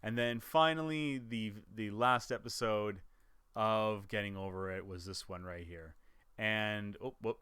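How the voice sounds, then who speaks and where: A man's voice: on the low side, measured pace, a bit bright, clean tone, no room sound, clean studio sound. A man, a gaming YouTuber, chatting casually to camera about his year, rambling with restarts and chuckles.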